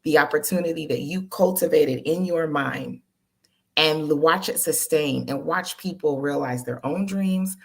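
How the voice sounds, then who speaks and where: Woman, low voice, husky tone, candid animated interview talk. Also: measured pace. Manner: candid, animated, laughs easily. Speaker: guest, entertainer and producer. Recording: live stream call.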